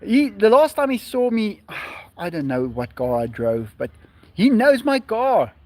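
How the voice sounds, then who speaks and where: Slow, lively man chatting. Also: high-pitched, no room sound. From South Africa. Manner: reads viewer comments aloud and answers them. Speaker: live-stream host. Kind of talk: casual live-stream chat.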